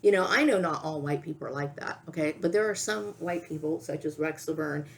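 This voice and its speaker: A woman's voice: low voice, fairly quick, gravelly. A middle-aged woman vlogging to camera in a rambling, agitated monologue, often tagging her sentences with "okay?". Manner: agitated, repetitive, keeps asking "okay?".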